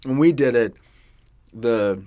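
A man in his thirties hosting a podcast, chatting casually about musicals and slipping into animated quoted voices. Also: mid-range voice, takes it slowly. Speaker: podcast host.

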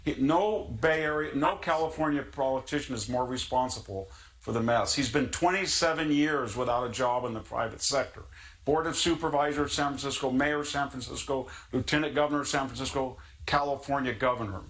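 Man, interview guest, measured delivery, lists facts, mid-pitched voice. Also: fairly bright tone, low-quality recording. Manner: measured, listing facts in a row. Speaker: guest commentator. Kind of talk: broadcast interview commentary.

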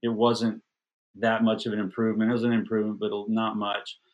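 A middle-aged man, a podcast guest, telling a personal story in a casual, animated, self-deprecating way and doubling up words when excited. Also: on the low side, brisk, highs cut off.

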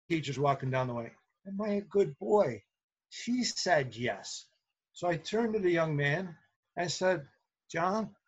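A middle-aged man tells classroom stories in an earnest, animated way, his voice sitting fairly high and husky. The audio is dull and lo-fi. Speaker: substitute teacher and guest. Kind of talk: casual storytelling interview.

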